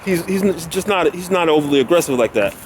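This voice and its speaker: A man's voice: fairly high pitch, expressive, quick pace. A man vlogging while walking his dog down a neighborhood street, rambling and often losing his train of thought. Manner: laughs often. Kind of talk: casual rambling chat. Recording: noisy street with traffic.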